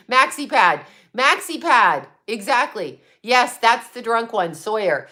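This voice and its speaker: A woman's voice: a little high, expressive, slow, hardly any pauses, sharp tone. A woman hosting a psychic livestream, chatting casually and bluntly with viewers, rambling and often laughing. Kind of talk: casual live chat reading viewer comments.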